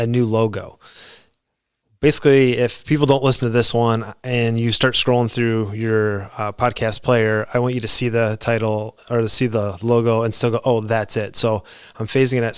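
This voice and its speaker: A man hosts his own podcast in a solo monologue, thanking listeners earnestly. His voice sits at an ordinary male pitch and sounds smooth and resonant. The recording is dry and close, with no room sound. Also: no room sound. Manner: earnest and grateful, with frequent fillers and restarts. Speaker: podcast host.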